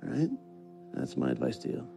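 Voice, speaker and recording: A loudmouthed swearing man, gravelly, dark-toned, faint music behind. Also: a little fast, full character voice. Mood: earnest. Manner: loud and excitable, swears freely, swings from yelling to low advice. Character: rowdy, loudmouthed man stuck in a time loop. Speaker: actor in a film. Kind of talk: film dialogue.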